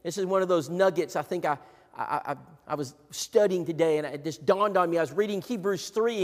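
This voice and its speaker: A middle-aged man preaching a sermon, repeating himself, swinging between hushed asides and rousing emphatic bursts. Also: high-pitched, a little fast. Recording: long reverb in a large hall.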